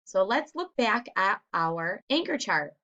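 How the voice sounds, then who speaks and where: A woman teacher walking young children through a writing lesson in a slow, deliberate, encouraging way. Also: medium pitch, sing-song, sharp tone. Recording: dull, lo-fi home recording.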